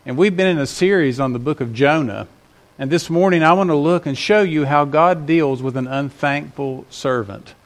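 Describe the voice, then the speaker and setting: A man's voice: fairly high pitch, normal speed. A man preaching a Sunday sermon to his congregation, conversational and rising in emphasis on key points. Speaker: pastor.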